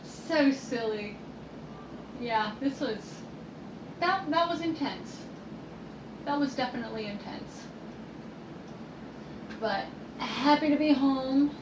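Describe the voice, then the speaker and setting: A woman's voice: high-pitched, slow pace, pauses often, echoey room, lo-fi sound, noisy background. A woman chatting casually at home, reading out news bits with lots of fillers and restarts. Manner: chatty, reads news aloud with many fillers. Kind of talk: casual chat. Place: at home, indoors.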